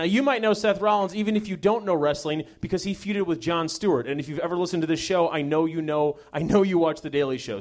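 Sardonic, profane young man hosting a show. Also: on the high side. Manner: sarcastic and profane, swinging between mock outrage and mumbled asides. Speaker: host. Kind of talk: comedic monologue.

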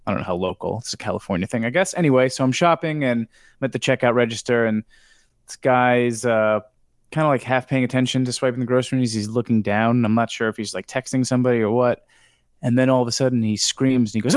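A man's voice: medium pitch, fast, no echo, studio quality. Laid-back man from New York. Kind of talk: casual chat.

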